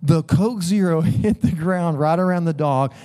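Man, pastor, sermon, relaxed dark tone, emphatic storytelling. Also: a little high, moderate pace. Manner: storytelling with laughs and bursts of emphasis. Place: church sanctuary.

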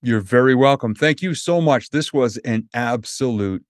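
An animated middle-aged man spinning a personal story as a podcast guest, slipping into quick voices for the people he quotes. His voice sits at an ordinary male pitch, and the recording is dry with no room sound. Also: no echo. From New Hampshire. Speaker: motivational speaker and coach.

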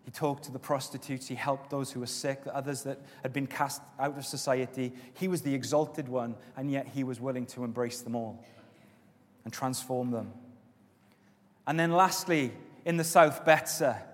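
A man preaching a sermon as pastor, with stretches of loud, emphatic exhortation and softer prayer. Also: medium pitch, measured pace. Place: church auditorium. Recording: long reverb of a church hall.

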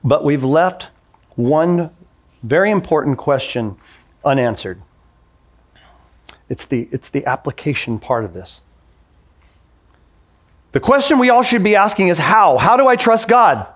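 A man's voice: on the high side, big pitch swings, unhurried, long pauses. A man in his forties preaching a sermon in a casual, conversational way, acting out the voices he quotes. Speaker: pastor.

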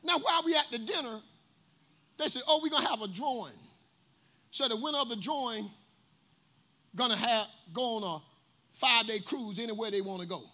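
A man preaches from the pulpit, his voice pitched unusually high with a bright, ringing edge. He tells stories and pulls the congregation into call-and-response. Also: normal speed, long pauses. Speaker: pastor. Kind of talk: sermon.

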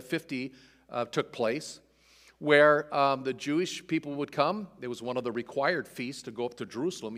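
A man's voice: a little high, a bit bright. A man preaching an expository sermon in a conversational way, reading scripture aloud with dramatic emphasis. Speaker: pastor. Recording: long hall reverb.

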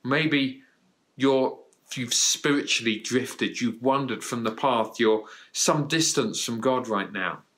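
Bright-voiced man preaching a sermon. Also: medium pitch, slow pace. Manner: earnest, encouraging, rises and drops for emphasis. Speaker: pastor.

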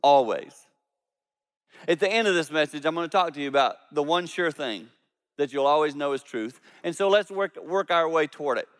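A man, a lead pastor, preaching a sermon with animated storytelling, jumping between loud emphatic peaks and quiet low asides. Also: moderate pace, in a large hall.

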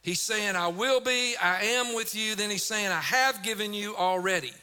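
A middle-aged male pastor delivers an energetic sermon. His voice sits high and rings bright, rising to emphatic shouts as he drives his points home. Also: moderate pace, clear, resonant tone, soft background music.

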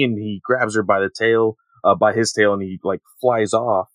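A man co-hosting a manga podcast, relaxed and easygoing, with loose phrasing. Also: lowish voice, moderate pace, hardly any pauses, dry recording. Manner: relaxed, laughing along, loose filler-heavy phrasing. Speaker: podcast co-host. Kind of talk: casual manga discussion.

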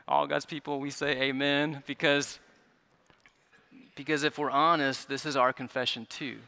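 A male pastor preaching a sermon in an earnest way, often repeating words as he restarts, dropping soft and rising again. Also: mid-range voice, flat delivery, measured pace, gravelly, long pauses. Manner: earnest, stumbling repetitions, drops soft then rises.

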